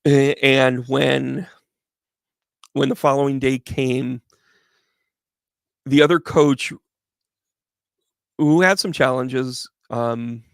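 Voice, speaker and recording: A man's voice: medium pitch, steady tone, extremely slow, gravelly, long pauses, no echo, clean studio sound. A middle-aged man, hosting and telling a rambling story in a chatty way, with frequent restarts. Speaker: host, medium. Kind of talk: casual storytelling to a live audience.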